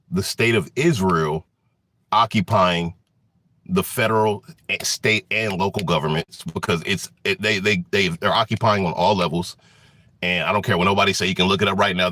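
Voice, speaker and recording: This political commentator, a man with a mid-range, fairly bright voice, delivers an angry rant with no echo in the recording. He swears often and keeps restarting his sentences, filling the gaps with lots of fillers.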